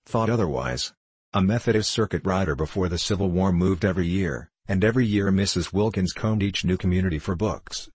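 A man narrating a story in a measured, unhurried audiobook reading. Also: deep voice, a little mellow, slightly rough, no room sound.

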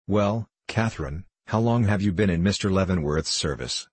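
A man's voice: low-pitched, moderate pace, husky, no room sound. A man voicing a stern, impatient male coroner who questions curtly, in a storybook reading. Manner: curt, sharp questioning.

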